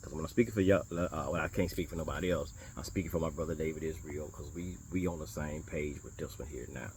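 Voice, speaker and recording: A minister talking casually to viewers about his beliefs, animated and blunt, repeating phrases for emphasis and throwing in curses and rhetorical challenges. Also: rumbling low, fast talker, slight background noise. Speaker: minister of a small congregation. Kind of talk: casual religious talk to viewers.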